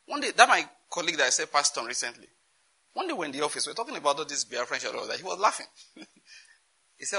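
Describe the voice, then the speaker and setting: Husky, lively Nigerian preacher man. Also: a little high, quick pace, long pauses. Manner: animated, rhetorical questions, laughs often. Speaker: pastor. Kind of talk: sermon.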